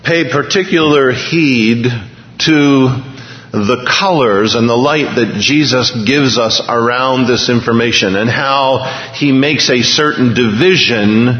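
Taking it slowly in a mid-range voice, a male pastor delivers a conversational sermon. He reads out a news item and keeps restarting his sentences, all captured on a dull lo-fi recording with long hall reverb.

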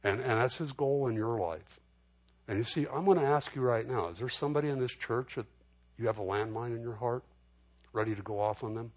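A man's voice: medium pitch, fairly quick, breathy edge. A man preaching a sermon in a conversational way, often restarting and repeating words. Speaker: pastor.

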